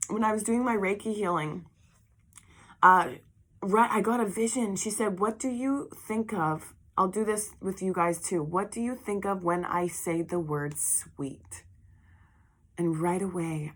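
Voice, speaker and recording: A woman doing a tarot reading in an emotional spiritual vlog, reading card text slowly and breaking into heartfelt asides. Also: on the low side. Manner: murmured affirmations. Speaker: tarot reader.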